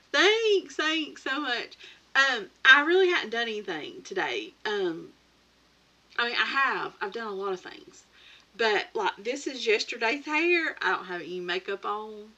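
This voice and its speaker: A woman's voice: medium pitch, big pitch swings, moderate pace, bright, forceful tone, lo-fi sound. A woman hosting a casual late-night live chat from her home craft room, chatty and rambling, laughing often and greeting viewers by name. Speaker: crafting channel host. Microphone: computer or tablet mic.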